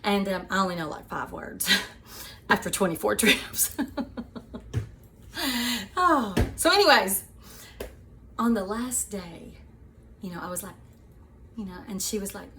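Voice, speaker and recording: A woman hosting her own show, telling a personal story to her viewers in a chatty, animated way, often laughing and calling them sweeties. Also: medium pitch, unhurried, long pauses, a little hiss or hum. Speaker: show host.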